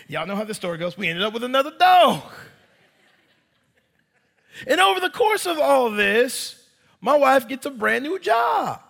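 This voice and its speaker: A man's voice: sits high, sing-song, moderate pace, creaky, fairly bright tone, long reverb tail. A man in his thirties preaching a sermon in church, telling a story animatedly and addressing the congregation as y'all. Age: 30s. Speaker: pastor.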